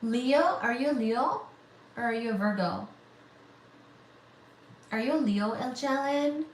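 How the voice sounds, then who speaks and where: A woman's voice: fairly high pitch, measured pace, echoey room, slight background noise, low-quality recording. A woman from India hosting a physics channel livestream, reading viewer comments aloud and answering them in a teasing, chatty way. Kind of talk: casual livestream chat.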